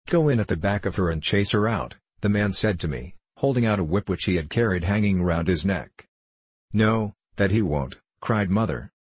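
Low husky male audiobook narrator. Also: dry recording. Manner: measured, steady reading.

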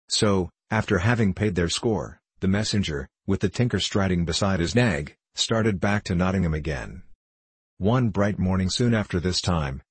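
Low husky storybook narrator, a man. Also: dry recording.

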